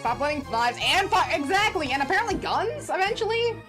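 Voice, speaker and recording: A young woman chatting excitedly while streaming a game, over game music. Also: extremely high pitch, brisk. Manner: chatty and excitable, reacts aloud. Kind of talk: casual gameplay commentary. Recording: game music playing under the voice.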